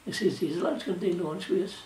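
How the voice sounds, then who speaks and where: An older man from South Shields, England, a former shipwright with a Geordie accent, rambles through stories of his working life in casual dialect, peppered with "you know" and "like." His voice is high and darkish at a normal speed, captured far from the mic with a roomy echo and a faint hiss or hum in this oral history reminiscence.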